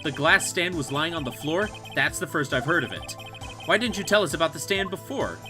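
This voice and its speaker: A man's voice: fairly high pitch, sing-song, fairly quick. A man voicing a confident young male defense attorney who speaks firmly and assertively, with game music underneath. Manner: firm, assertive.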